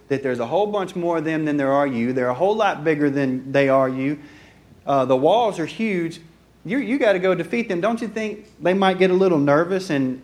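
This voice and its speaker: A pastor preaches to his church in a relaxed, joking way, slipping into little acted-out scenes. His voice sits a touch high for a man. He sounds like he is in his thirties. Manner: folksy and joking, acting out dialogue. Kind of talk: conversational sermon. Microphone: handheld or stand mic.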